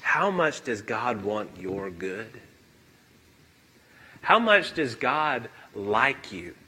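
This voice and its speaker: A male pastor preaching a sermon in a church, emphatic and animated, acting out quotes. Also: on the low side, drawn-out words, husky, rough recording.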